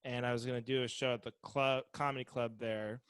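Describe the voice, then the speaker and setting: A comedian and podcast co-host telling a rambling, self-deprecating story in casual chat. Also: male voice, mid-range voice, flat delivery, a little fast, fairly bright tone, smooth, dry recording. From Seattle area.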